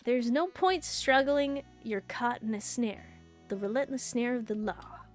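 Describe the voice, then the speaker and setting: A woman voicing a cool, brooding masked male prosecutor, speaking low, slow and unhurried. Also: soft background music, close to an everyday voice.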